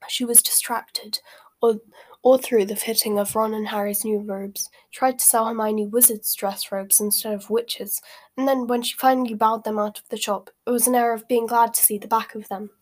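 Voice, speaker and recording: A woman reads a novel aloud with steady, expressive narration. Her voice sits fairly high. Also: normal speed. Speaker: reader.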